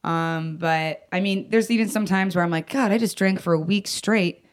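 A young woman telling a personal story in casual conversation, blunt and swearing, acting out quoted lines with jumps in pitch. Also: moderate pace. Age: young adult. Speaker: guest.

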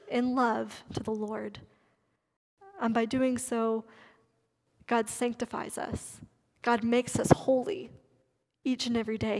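A woman preaching a sermon, slowing down to stress key words. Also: on the high side, darkish tone, in a large hall. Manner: emphatic, stresses key words with slowed delivery.

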